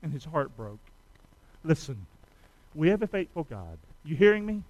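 A folksy middle-aged American preacher with a high voice, leading call-and-response lines. The sound is close and dry with no room echo, and he moves between storytelling and rallying his listeners. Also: very animated, moderate pace, darkish tone, lo-fi sound. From United States. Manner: folksy, storytelling, calls on the congregation to repeat after him.

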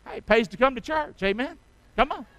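High, bright-voiced preaching man. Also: lively intonation, brisk, slight background noise, rough recording. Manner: call-and-response preaching, swings from soft to loud. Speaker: pastor. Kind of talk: sermon.

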